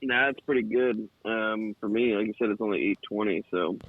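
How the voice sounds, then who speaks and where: Low-voiced man on a tinny line. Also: brisk, dry recording. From Oregon, US. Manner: laid-back, hesitant, many fillers. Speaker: remote podcast co-host. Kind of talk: casual podcast chat.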